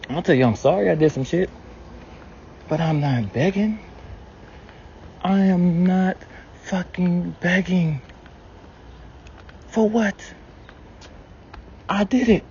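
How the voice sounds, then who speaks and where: A man's voice: a little slow, pauses often, a little hiss or hum. Blunt, profane man telling stories. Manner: blunt, heavy swearing, storytelling; animated shifts in pitch and loudness. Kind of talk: candid spoken prayer to ancestors. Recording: dull lo-fi sound with faint ambience.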